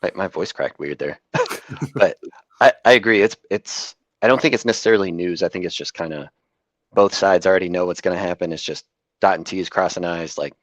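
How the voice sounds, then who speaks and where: Male co-host, very low voice, relaxed and chuckly, dry recording. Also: fairly quick, no echo. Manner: easygoing, chuckles often, hedges with "like" and "I think". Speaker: podcast co-host. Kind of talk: casual chat.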